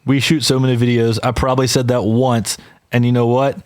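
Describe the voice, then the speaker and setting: A man's voice: medium pitch, little pitch movement, brisk, a little mellow, smooth. A man co-hosting a podcast, talking casually and with enthusiasm, who says "y'all" to listeners. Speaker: podcast co-host.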